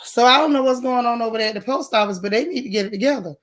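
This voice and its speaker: A woman hosting a casual morning livestream, chatting in a colloquial way and greeting viewers one by one by name. Her voice is a little hoarse as it recovers. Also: fairly high pitch, rapid-fire, fairly bright tone. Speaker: livestream host.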